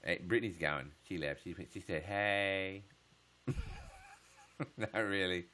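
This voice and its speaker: Man, livestream host, very low pitch, bright tone, joking, crude. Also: measured pace, a little hiss or hum. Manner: joking, crude, laughs often; drops to a hush so as not to wake his household. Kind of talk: casual late-night chat with viewers.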